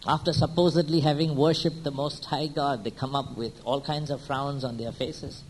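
A man preaching a sermon who keeps asking his listeners pointed questions and checking in with "hmm?", moving between quiet, slow lines and sudden loud, high-pitched bursts. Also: fairly even intonation, slight background noise, rough recording.

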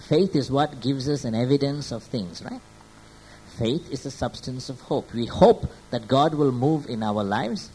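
A man's voice: slightly rough, low-quality recording. Man preaching, checking in with "Hmm?". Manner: checks in with the crowd with frequent "Hmm?" and "Yeah?"; grows louder and more emphatic as he builds. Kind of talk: sermon. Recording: faint background noise and low rumble.

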